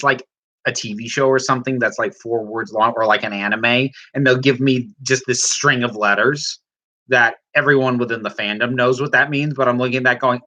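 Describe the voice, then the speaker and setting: Trans woman host, chatty and rambling, lively bright voice, lo-fi stream sound. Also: rumbling low. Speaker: livestream host reading chat. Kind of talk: casual chat.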